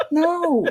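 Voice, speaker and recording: A woman's voice: very high voice, a bit bright, no echo. A woman in a casual live stream chat, blunt and swearing, stumbling over her sentence starts.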